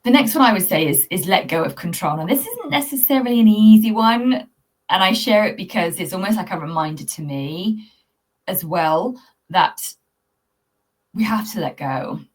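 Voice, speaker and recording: A woman coaching pet owners in a talk-to-camera video, speaking in an earnest, reflective, gently spiritual way. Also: medium pitch, expressive, normal speed. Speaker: cat anxiety coach. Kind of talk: talking-to-camera tips video.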